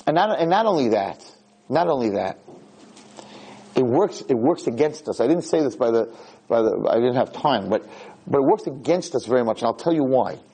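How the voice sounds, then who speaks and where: A middle-aged man teaching a Torah class, an animated storyteller whose voice leaps high when acting out the quotes, talking quickly and often repeating and restarting words. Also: breathy edge, low-quality recording. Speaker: rabbi lecturer. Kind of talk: Torah class to a live room.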